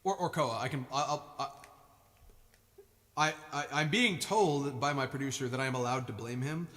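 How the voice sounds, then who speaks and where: A man's voice: mid-range voice, moderate pace, fairly bright tone, in a large hall. A man musician chatting casually on his live stream, playful and rambling, tripping over his words.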